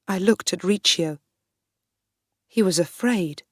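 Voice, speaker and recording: A woman narrating a first-person story for English learners in a clear, measured way. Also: fairly low pitch, darkish tone, dry recording, studio quality. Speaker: audiobook narrator.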